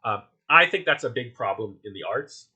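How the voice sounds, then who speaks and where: Bright-voiced man with a Philly accent. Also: medium pitch, expressive, moderate pace, husky, muffled recording. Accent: Philadelphia. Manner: chatty, loose, many fillers and restarts. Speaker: workshop instructor. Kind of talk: casual online workshop talk.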